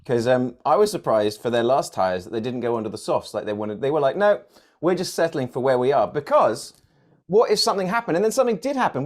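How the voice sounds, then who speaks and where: Casting: playful male podcast co-host, higher voice that jumps around a lot. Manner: animated, jokey, quick to mimic others. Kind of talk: casual chat.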